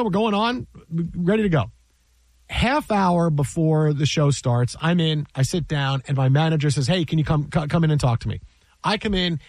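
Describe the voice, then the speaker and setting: A man's voice: fairly high pitch, dry recording. A man who works in sports broadcasting tells a story in casual chat, exasperated, repeating himself and acting out what people said.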